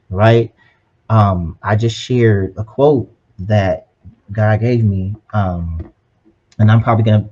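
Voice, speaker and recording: Husky-voiced man hosting a podcast. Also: fairly low pitch, a little mellow, lo-fi sound. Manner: upbeat, preachy, often adds "right?" and "you know what I'm saying". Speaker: podcast co-host. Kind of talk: casual motivational podcast chat.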